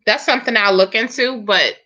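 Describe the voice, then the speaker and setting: A hairstylist hosting a casual live chat talks directly to her viewers, chatty and laughing. She sounds a little high and a little fast, pushed and bright, on dull lo-fi stream audio.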